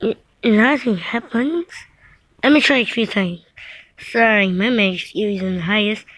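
A woman's voice: medium pitch, a little slow, fairly bright tone, no room sound. A woman improvising a playful story, acting out several characters with repeated words and meowing sounds. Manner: playful, switching between characters, many meows and repeated words. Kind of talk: improvised toy play storytelling.

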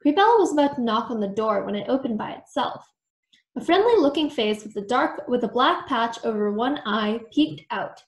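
A woman reads a children's book aloud in an expressive, animated storytime manner. Her voice sits fairly high. The recording has a roomy echo. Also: moderate pace. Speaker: storytime reader.

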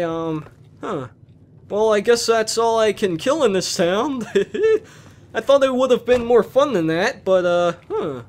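A young man hosting a Let's Play, rambling casually as he plays and bursting into excited shouts. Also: sits high. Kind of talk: casual gameplay commentary.

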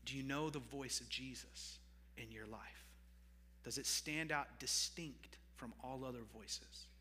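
Male pastor, mid pitch, bright and forceful, conversational sermon delivery with asides to the congregation, live in a reverberant church hall. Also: unhurried, slight background noise. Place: church sanctuary.

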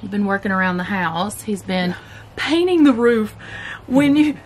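A woman's voice: medium pitch, animated, measured pace, a little hiss or hum. A woman with a Southern US accent, chatting casually while reviewing keto snacks for her vlog. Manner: chatty, laid-back, talks while chewing. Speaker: keto vlogger. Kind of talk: casual chat, food review.

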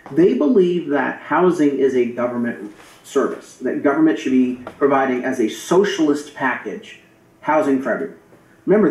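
A man speaks straight to voters in a campaign video, hammering his points and circling back to key phrases. His voice sits at an ordinary middle pitch. The room around him rings with a noticeable echo. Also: a little mellow. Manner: emphatic, argumentative, repeats key phrases. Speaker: political campaigner. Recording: roomy echo.

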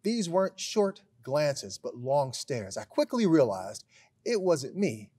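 A man, a school principal, giving a recorded graduation speech, telling a humorous story with deadpan timing and then addressing the graduates with emphatic pride. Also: on the high side, slow, husky. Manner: emphatic, builds to proud address.

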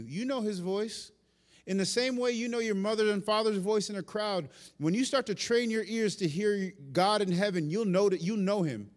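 Pastor, male, preaching live; high-pitched voice with long church-hall reverb; animated, moving from loud to hushed. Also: moderate pace. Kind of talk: sermon. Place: church sanctuary during a live service.

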